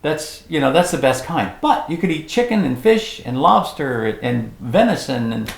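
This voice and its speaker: Co-host, mid-pitched voice, reassuring yet insistent, echoey room sound. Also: very animated, normal speed, gravelly. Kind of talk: casual chat about diet.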